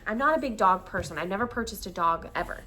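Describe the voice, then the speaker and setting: A woman's voice: medium pitch, lively intonation, fast talker, sharp tone. A woman in her thirties from the United States, chatting casually to her viewers, giggly and full of fillers. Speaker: vlog host.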